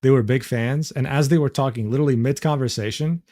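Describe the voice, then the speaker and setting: A man's voice: mid-range voice, quick pace, mellow. A young man reacting to a clip on stream, incredulous and swearing, breaking into laughter often. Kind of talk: casual reaction commentary.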